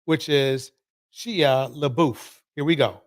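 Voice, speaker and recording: A man's voice: medium pitch, slow pace. A man hosting a live stream in casual chat. He teases and speaks straight to his audience. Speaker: livestream host.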